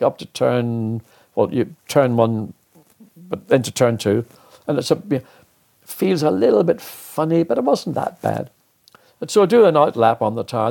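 Older male guest, animated storyteller, plays out the quotes. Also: medium pitch, vocal fry. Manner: animated, acts out quoted dialogue. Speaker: interview guest, former racing driver. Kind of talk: anecdotal storytelling.

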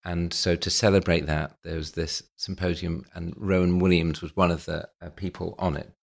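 A man as a podcast guest, hesitant and halting with many ums, with dry self-mocking humor. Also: sits low, little pitch movement, creaky. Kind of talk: podcast conversation.

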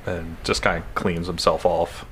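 A man's voice: deep voice, little pitch movement, normal speed, fairly bright tone, a little hiss or hum. A man playing a tabletop game, rambling through his character's actions with lots of fillers. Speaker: player. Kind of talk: tabletop role-play.

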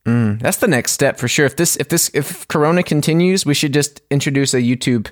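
A man hosting a podcast in casual chat over a phone call, relaxed and swearing freely. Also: on the high side, a little fast, no echo, clean studio sound. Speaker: podcast host.

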